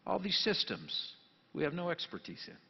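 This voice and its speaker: A man's voice: fairly high pitch, huge pitch swings, normal speed, creaky, slightly rough. Man preaching in a long church echo. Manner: jokey, swings from quiet asides to loud emphatic bursts. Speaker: pastor. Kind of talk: sermon. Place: church sanctuary. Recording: long church reverb, dull lo-fi sound.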